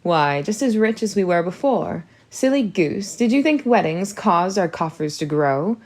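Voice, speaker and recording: A woman reading an audiobook, voicing a smooth-talking middle-aged father in a soothing, gently teasing manner. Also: on the low side, expressive, a little slow.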